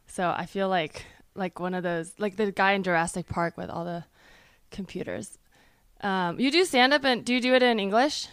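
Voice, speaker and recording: A woman hosting a podcast in casual chat, rambling and upbeat, a bit hoarse as she loses her voice. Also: medium pitch, moderate pace, no room sound. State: losing her voice. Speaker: podcast host. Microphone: studio microphone at a desk.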